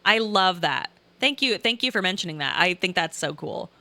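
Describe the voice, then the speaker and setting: A woman's voice: on the low side, lively intonation, normal speed, bright, forceful tone, no room sound. A young woman from Southern Illinois with a light accent of her region, chatting casually and rambling as she reads chat and laughs often. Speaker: streamer reading chat. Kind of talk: casual live-stream chat.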